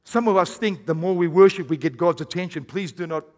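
A man preaching a sermon as pastor, swinging between hushed, intimate lines and loud, emphatic bursts. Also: high voice, brisk. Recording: long hall reverb.

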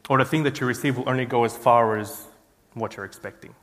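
A man's voice: medium pitch, steady tone, fast talker, a bit bright. A young man giving an informal sermon, chatty and self-deprecating, telling a story with lots of fillers and restarts. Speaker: guest preacher. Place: church hall. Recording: long hall reverb.

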